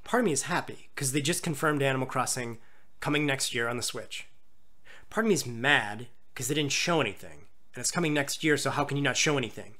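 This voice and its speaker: A young man doing live reaction commentary on a game trailer, excitable and yelling in mock outrage. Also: mid-range voice, a little fast. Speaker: gaming YouTuber reacting to a trailer.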